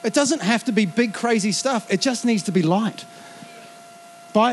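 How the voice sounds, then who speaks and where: Lively high-voiced male preacher. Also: normal speed, pauses often, a little hiss or hum. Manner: lively, conversational preaching with quoted asides and laughs. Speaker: pastor. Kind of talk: sermon.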